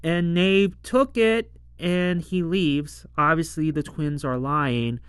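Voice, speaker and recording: A man's voice: fairly high pitch, takes it slowly, clean tone, dry recording, studio quality. A man hosting his own show, chatting casually through an episode recap and laughing often. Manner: chatty, laughs often, fillers like "you know" and "whatnot". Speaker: show reviewer and host.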